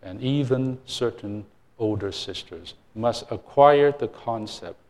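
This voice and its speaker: A man's voice: medium pitch, slow, a little mellow. An older man, a church minister, giving an informal sermon full of self-deprecating stories, with frequent fillers and restarts.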